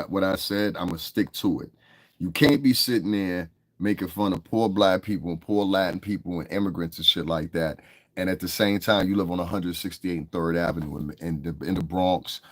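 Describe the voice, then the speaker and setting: A man hosts a casual livestream and speaks bluntly, with constant swearing and frequent laughter. His voice sits very low. The sound is dry and close, with no room echo. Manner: blunt, profane, laughs often, answers chat. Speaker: livestream host.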